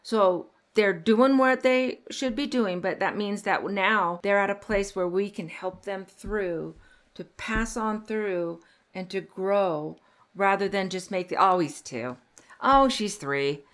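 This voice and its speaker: Middle-aged woman host, parenting podcast, earnest and chatty, normal pitch. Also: slow. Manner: earnest, animated when telling stories. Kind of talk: casual parenting podcast chat.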